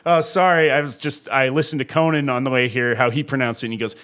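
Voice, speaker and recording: A man co-hosting a podcast, telling stories in a casual, animated way, swearing often and laughing. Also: medium pitch, fast talker, smooth. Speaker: podcast co-host and comedy show host. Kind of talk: casual storytelling chat.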